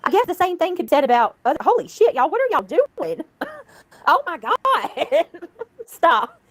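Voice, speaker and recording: A woman's voice: very high voice, very animated, fairly quick, no room sound. A woman livestreaming in casual chat, giggling, swearing freely and thanking her viewers.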